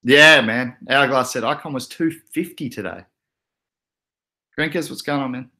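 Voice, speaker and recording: An Australian man in his younger years talks at an easy, mid-range pitch. He hosts a casual livestream, reading chat messages aloud with frequent laughs. His manner stays relaxed and conversational throughout. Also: normal speed. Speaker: crypto livestream host.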